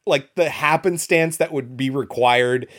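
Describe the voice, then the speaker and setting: A man co-hosting a podcast, talking about films in an animated, opinionated way and swearing often. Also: mid-range voice, measured pace. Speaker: podcast co-host. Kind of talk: casual film discussion.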